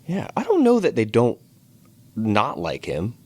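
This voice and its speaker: A man co-hosting a casual podcast, musing in a relaxed way about old cartoons and swearing now and then. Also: mid-range voice, a little slow. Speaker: podcast co-host. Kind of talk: casual chat recapping cartoons over drinks.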